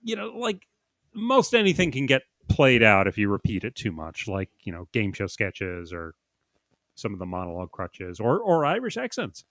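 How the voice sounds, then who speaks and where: Lively-voiced podcast co-host man. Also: on the low side, moderate pace, dry recording, studio quality. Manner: easygoing, repeats himself, gently teasing. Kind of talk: casual chat.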